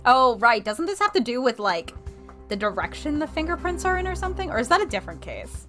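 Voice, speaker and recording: A woman's voice: sits high, sing-song, brisk. A woman streaming a game, chatting casually in a self-deprecating way, swearing freely and laughing at herself. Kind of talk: casual gameplay commentary. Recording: game music playing behind.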